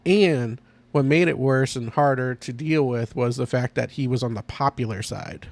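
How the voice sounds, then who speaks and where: A man's voice: medium pitch, moderate pace, creaky. Enthusiastic man in a casual podcast chat. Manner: enthusiastic, laughs often, rambling. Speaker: podcast host.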